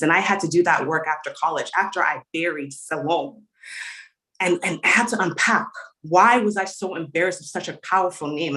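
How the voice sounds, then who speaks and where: A young adult woman from Canada delivers spoken word poetry with fierce conviction. Her voice sits a little low, and she builds her lines through rhythmic, insistent repetition. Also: fairly bright tone, rough recording.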